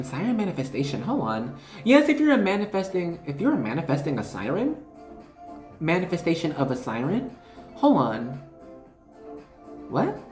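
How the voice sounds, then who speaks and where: A woman giving an intuitive card reading to viewers, chatty and excitable, often trailing off and correcting herself mid-thought. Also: lowish voice. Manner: addresses viewers casually as y'all. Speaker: tarot reader. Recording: echoey room with faint music.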